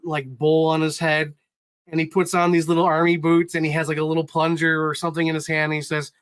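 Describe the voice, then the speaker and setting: A man chatting casually on a live stream, excitedly recapping movies in a rambling, sentimental way. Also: on the high side, dry recording, rough recording. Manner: sentimental, gets choked up.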